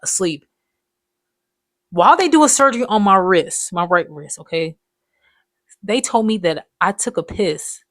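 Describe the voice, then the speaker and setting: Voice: medium pitch, animated, unhurried, long pauses, a bit bright, no room sound. A person in their twenties telling life stories in a loose, rambling, profane way, full of slang. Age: 20s. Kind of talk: casual storytime monologue.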